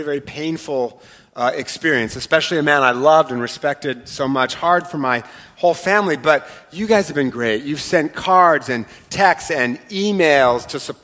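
Pastor preaching with hall reverb. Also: male voice, on the high side, a bit bright. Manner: conversational, joking with the congregation. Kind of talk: sermon. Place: church sanctuary. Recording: long hall reverb in a church.

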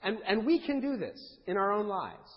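High-voiced pastor preaching in a reverberant hall. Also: male voice, sing-song, normal speed. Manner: humorous, conversational preaching with playful asides. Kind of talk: sermon. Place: church sanctuary. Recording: dull sound with long hall reverb.

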